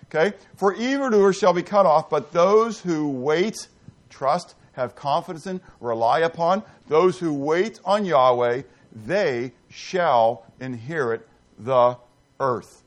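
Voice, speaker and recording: A man preaching an interactive sermon, quizzing his listeners and swinging between loud emphasis and hushed asides. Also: fairly high pitch, slow pace. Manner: animated, questions the congregation, dramatic swings from loud to hushed. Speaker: pastor.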